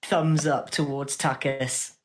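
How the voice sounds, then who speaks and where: A woman with a low voice describes her character's moves in a tabletop game over online chat. She hedges, saying "sort of" again and again. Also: little pitch movement, takes it slowly. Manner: hesitant, many "sort of"s. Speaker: player.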